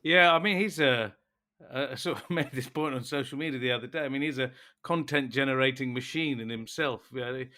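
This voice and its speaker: A man's voice: mid-range voice, a little fast, sharp tone. A man co-hosting a sports podcast, bantering with his co-host and steering the talk with questions. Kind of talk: casual podcast chat.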